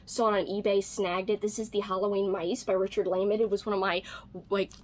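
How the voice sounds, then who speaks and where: A woman's voice: medium pitch, level tone, brisk, a little mellow. A woman book vlogger chatting casually through a haul video, bubbly and gushing over cute things with a self-mocking streak.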